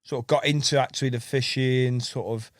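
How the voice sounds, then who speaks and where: A man's voice: medium pitch, fairly even intonation, a little fast, no room sound, clean studio sound. A man, telling rambling fishing stories as a podcast guest, laughing and calling people mate. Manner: rambling, laughing, repeats words, says mate a lot. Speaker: podcast guest, carp angler. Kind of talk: casual storytelling chat.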